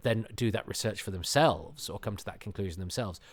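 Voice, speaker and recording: A man hosting a podcast, giving rambling, self-deprecating commentary with animated asides. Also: lowish voice, a little fast. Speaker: podcast host. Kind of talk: casual commentary.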